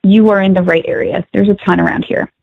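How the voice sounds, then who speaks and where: A woman calling in to a podcast as a guest, chatting upbeat and quick with her asides. Her line sounds a bit dull and lo-fi, and dry with no room around it. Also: mid-range voice, fairly even intonation, vocal fry, dry recording. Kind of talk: casual chat.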